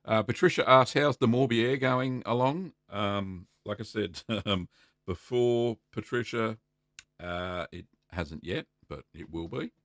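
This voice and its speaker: Gravelly, easygoing Australian man. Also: lowish voice, slow, no echo, studio quality. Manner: relaxed, chatty, many ums and uhs, greets viewers by name. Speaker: livestream host answering cheesemaking questions. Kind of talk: casual live stream chat.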